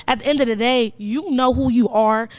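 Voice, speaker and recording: A young woman from Cleveland with a high voice, telling stories in casual podcast chat. She acts out the people she quotes in a lively, animated way. The sound is dry and close. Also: brisk, no echo. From Cleveland, Ohio. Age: young adult. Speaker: podcast co-host.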